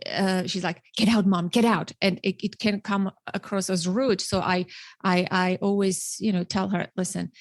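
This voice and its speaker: A middle-aged woman speaks as a podcast host in casual interview talk. She is earnest and repeats words as she works through a point. Her voice sits at a middle pitch in a dry, close recording. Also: level tone, normal speed, no echo.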